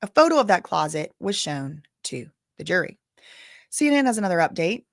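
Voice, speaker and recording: A woman's voice: on the low side, big pitch swings, a little fast, gravelly, no room sound, clean studio sound. A woman giving casual live-stream commentary, reading news updates aloud with chatty asides, sounding tired. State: tired, yawning.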